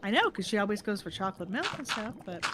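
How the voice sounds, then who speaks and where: A middle-aged American woman co-hosts a livestream, chatting casually and telling stories in a sing-song, fast, sharp voice. She acts out what people said to her with big jumps in pitch. The recording is rough, with a little hiss or hum.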